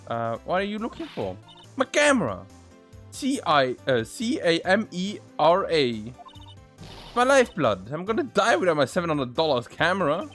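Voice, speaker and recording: A man voicing a brash young female photographer in a courtroom game, speaking with a put-on drawl in a loud, folksy, blustering way. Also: fairly high pitch, sing-song, normal speed, soft background music, pitched above the performer's own voice. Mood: frantic.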